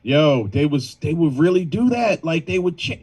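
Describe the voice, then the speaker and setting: A man's voice: on the high side, moderate pace, slightly rough, poor audio. A man telling wild work stories on a video call in casual slang, mimicking people he talks about. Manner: animated, slangy, mimics people in exaggerated voices. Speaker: band member.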